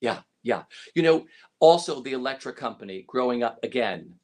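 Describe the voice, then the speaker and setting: A man's voice: medium pitch, expressive, moderate pace, darkish tone. Enthusiastic male interview host. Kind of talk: casual interview chat.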